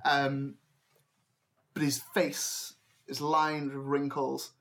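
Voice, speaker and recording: A woman's voice: extremely low pitch, level tone, extremely slow, a bit bright. A woman narrating a tabletop game as game master, rambling with many fillers and frequent laughs.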